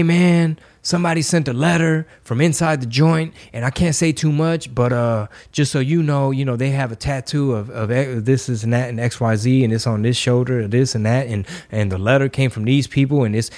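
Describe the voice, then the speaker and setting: A man from Texas hosting a podcast, telling stories in a casual, slangy and animated way. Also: mid-range voice, normal speed, few pauses. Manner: animated, slangy, acts out quoted voices. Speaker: podcast host and rapper. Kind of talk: casual storytelling.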